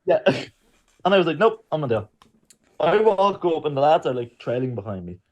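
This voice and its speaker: A man co-hosting a podcast tells a story in casual conversation, speaking briskly in a slightly high voice. He's a lively storyteller who acts out what the people in it said.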